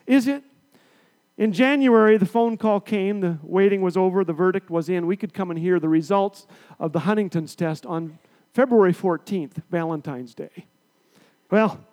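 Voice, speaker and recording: A middle-aged man with a high voice preaches to a congregation. He tells a personal story, swinging from loud, punchy bursts to quiet, hushed asides. The effect is expressive and conversational. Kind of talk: sermon with storytelling.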